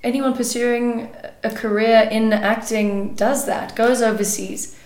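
Interviewer woman, slightly high, roomy echo. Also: steady tone, measured pace, a little mellow. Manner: brief encouraging prompts.

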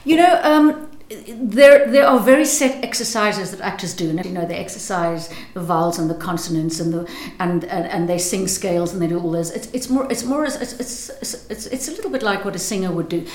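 A woman's voice: mid-range voice, brisk, hardly any pauses, a little mellow, echoey room. A woman actress answering interview questions, speaking articulately and thoughtfully, often repeating words as she searches for the next thought.

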